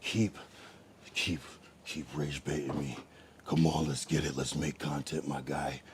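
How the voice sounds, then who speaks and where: A young man livestreaming, chatting to viewers in a rambling, profane way, swinging from mutters to loud taunts. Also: a bass voice, steady tone, measured pace, background noise. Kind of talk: casual live-stream chat reacting to viewers.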